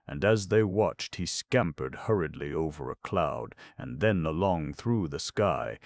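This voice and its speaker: A male audiobook narrator with a very deep, gravelly voice, reading a storybook steadily and without hurry. The recording is close and dry. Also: dry recording. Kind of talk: scripted narration.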